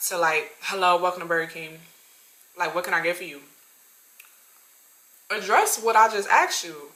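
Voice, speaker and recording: Animated young woman telling a story. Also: lowish voice, echoey room, poor audio. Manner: animated, slangy, talks straight to viewers. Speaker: vlogger. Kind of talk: casual storytime vlog.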